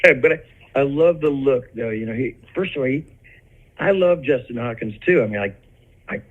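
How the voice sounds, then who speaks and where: A man's voice: medium pitch, expressive, normal speed. An older man, a rock singer, chatting casually as an interview guest and telling rambling stories full of restarts and laughs. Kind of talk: casual anecdotal chat. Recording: dull lo-fi audio.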